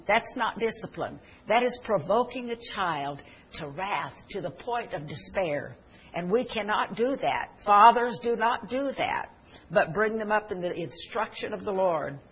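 Woman preacher, husky tone, earnest storytelling sermon with emphatic peaks. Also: mid-range voice, poor audio. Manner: earnest, swelling to emphatic exhortation. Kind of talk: sermon with personal stories.

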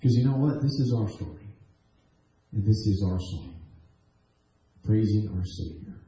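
A man's voice: fairly low pitch, lively intonation, a little slow, warm tone. A man preaching a testimony sermon, telling stories earnestly and animatedly, with frequent restarts. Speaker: guest preacher. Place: church sanctuary. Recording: echoey church hall.

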